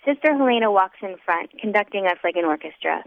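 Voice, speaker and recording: A woman's voice: medium pitch, animated, fast talker, gravelly, dry recording. Woman reading an audiobook, thin phone-like sound. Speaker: audiobook narrator. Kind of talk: first-person audiobook narration. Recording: dry, tinny phone-like sound.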